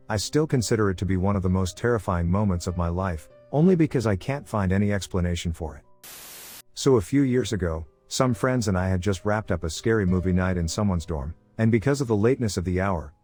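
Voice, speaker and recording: A man with a fairly low voice reads creepy first-person tales as scripted horror narration. His delivery stays calm and steady from line to line. Faint music plays beneath him. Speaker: voice actor narrating scary stories.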